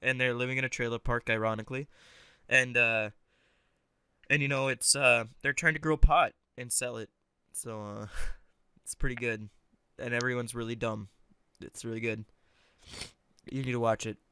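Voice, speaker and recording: A man's voice: mid-range voice, steady tone, normal speed, long pauses, pushed and bright, smooth, no room sound. A man co-hosting a podcast in casual, crude chat, goofing around with silly joke accents. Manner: goofy, crude, playful, hams up silly accents. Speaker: podcast co-host.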